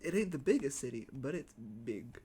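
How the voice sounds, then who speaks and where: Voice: mid-range voice, sing-song, moderate pace, dark tone, slightly rough. A streamer in a laid-back, slangy live-stream chat with viewers while gaming, musing aloud. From United States.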